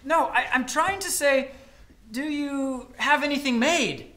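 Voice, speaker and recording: A man's voice: very high-pitched, a little slow, sharp tone, voice pushed up, exaggerated voice. A man playing a naive, hungry traveler who stammers and fumbles his words, told live on a college stage in a roomy hall. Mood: fumbling. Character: naive hungry male traveler, clumsy and literal. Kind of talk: live comic storytelling.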